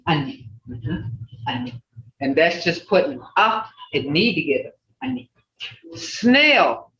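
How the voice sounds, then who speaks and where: An older woman teaching an online language class, patiently repeating words slowly for her learners. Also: fairly low pitch, big pitch swings, sharp tone, far from the mic. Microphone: video call. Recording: roomy lo-fi video call audio from off-mic.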